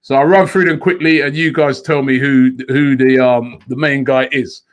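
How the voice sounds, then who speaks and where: A man's voice: medium pitch, fairly even intonation, normal speed. A man hosting a football debate who hesitates and repeats words as he talks. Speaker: host.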